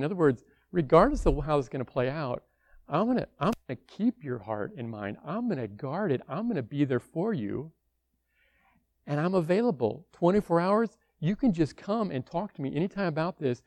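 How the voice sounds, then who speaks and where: A man's voice: on the high side, sing-song, normal speed, darkish tone, no echo. A man preaching a sermon in a conversational way, acting out the worried voices of church members.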